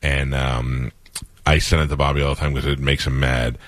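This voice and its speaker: Man, radio host, very deep voice, dry close mic, casual rambling stories. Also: level tone, moderate pace, no room sound. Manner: storytelling, rambling with restarts. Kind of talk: casual interview chat.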